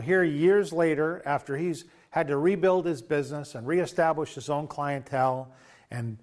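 Guy preaching, pitch a bit high, chatty storytelling w/ quotes. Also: darkish tone. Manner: loose conversational retelling with quoted dialogue. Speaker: pastor. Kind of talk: sermon storytelling.

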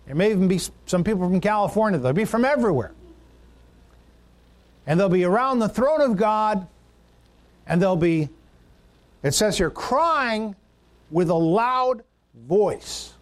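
A man's voice: high voice, lively intonation, unhurried, long pauses. A man preaching a sermon to his church, earnest and building through lists and repeated phrases. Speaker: pastor.

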